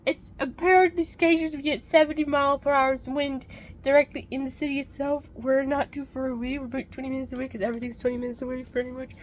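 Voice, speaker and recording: In a home vlog, a young woman rants casually and swears in frustration, swinging between loud outbursts and low muttering. Her pitch barely moves, and she speaks quickly.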